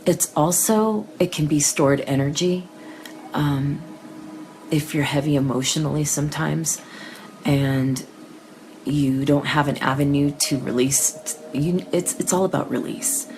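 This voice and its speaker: A woman with a low, gravelly voice chats to her live audience as a psychic host, emotional and a little tearful, often restarting her sentences. A faint hiss sits under the recording. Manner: emotional, chatty, with frequent restarts and soft laughs. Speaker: psychic medium hosting a live reading session. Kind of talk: casual live-stream talk to viewers.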